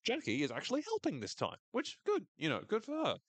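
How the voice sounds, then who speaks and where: A man casually recapping a TV episode on a podcast, animated, sweary and wry. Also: sits high, fast talker, dry recording.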